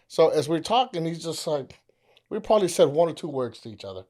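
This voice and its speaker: A man's voice: a little high, very animated, fast, darkish tone. A man on a podcast, casually telling a ghost story, rambling, swearing and acting out the people in it. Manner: rambling, acts out quoted voices, swears, laughs often.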